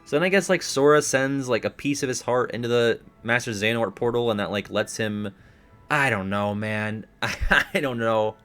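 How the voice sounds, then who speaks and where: A young man in casual reaction chat about a video game, rambling and excitable, laughing often. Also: mid-range voice, fairly quick, few pauses, faint music behind.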